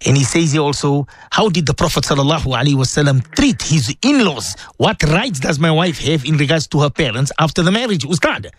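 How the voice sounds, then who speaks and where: A man's voice: mid-range voice, dry recording. A man hosting a call-in radio show, reading out listener questions and affirming the guest often. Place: radio studio.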